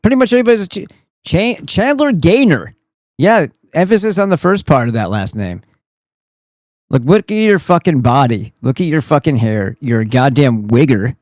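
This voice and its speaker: A male streamer talks over clips in loose, profane commentary that keeps stalling and restarting. His voice sits at an ordinary middle pitch. The sound is dry and close, with no room around it. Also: a little mellow, dry recording. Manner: rambling, halting with restarts.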